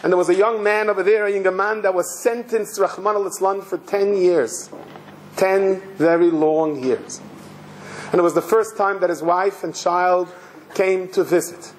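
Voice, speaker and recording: A rabbi delivering a sermon, a man whose voice sits high for a man. He tells emotional stories and leans on repeated phrases for weight, with faint noise in the background. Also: fairly even intonation, moderate pace, poor audio.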